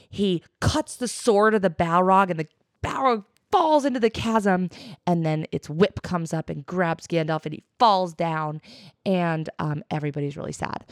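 A young woman with a fairly low voice co-hosting a podcast. She retells the story in a loose, rambling way, full of "like" and casual swearing. The recording is dry and close. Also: dry recording. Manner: rambling recap, heavy use of "like", swears casually. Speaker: podcast co-host. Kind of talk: casual chat.

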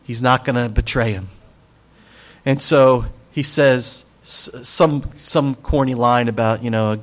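A male pastor preaching a sermon, an animated storyteller who speaks emphatically and addresses the congregation directly. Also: mid-range voice, normal speed.

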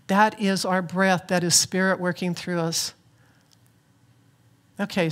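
A woman's voice: on the low side, a bit bright. A woman minister giving a reflective, earnest sermon with touches of light humor, speaking from a church platform. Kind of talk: spiritual sermon.

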